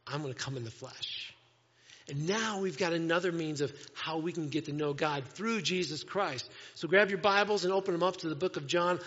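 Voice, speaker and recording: A man preaching a sermon in a conversational way, moving between playful asides and hushed, earnest moments. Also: high-pitched, in a large hall, dull audio. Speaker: pastor. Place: church sanctuary.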